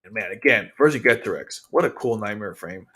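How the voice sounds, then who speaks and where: A man's voice: lowish voice, expressive, fairly quick, sharp tone, breathy edge. A man hosting his own channel, recapping and commenting on an anime episode in a loose, rambling way with many fillers and restarts. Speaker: anime reviewer and channel host. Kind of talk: casual episode commentary over video.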